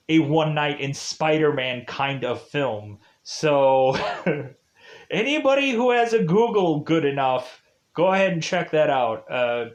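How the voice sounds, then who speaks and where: A man giving a casual, rambling film review, full of "like" and "uh". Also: on the high side. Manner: rambling, heavy use of "like" and "uh".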